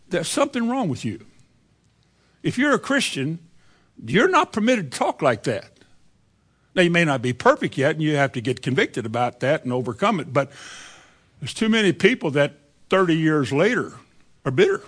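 A man's voice: a little high, big pitch swings, normal speed, long pauses, fairly bright tone, slightly rough. A man preaching a sermon in a plainspoken way, often acting out bitter people's words. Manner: plainspoken, acts out bitter voices in quotes.

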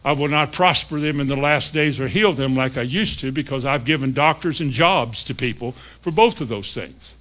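A man's voice: medium pitch, moderate pace, hardly any pauses, a bit bright. A man preaching a sermon, asking his listeners questions and voicing an inner dialogue. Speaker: pastor.

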